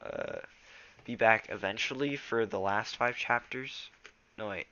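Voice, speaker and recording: A man's voice: fairly low pitch, a little slow, pushed and bright, lo-fi sound. A teenage boy reading a novel aloud and then chatting casually, stumbling over words and restarting them. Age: teens. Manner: loose, rambling chat with fillers. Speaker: reader.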